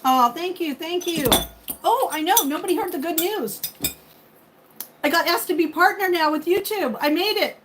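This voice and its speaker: A woman's voice: very high voice, moderate pace. A woman in her fifties hosting a casual livestream, chatting and thanking viewers by name. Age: 50s. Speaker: livestream host. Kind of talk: casual live chat with viewers. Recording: faint background noise.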